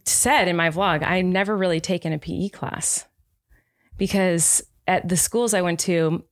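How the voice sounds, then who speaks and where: A woman's voice: on the low side, steady tone, normal speed, dry recording, clean studio sound. A young adult woman chatting casually and telling stories in a playful way. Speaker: vlogger. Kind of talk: casual chat.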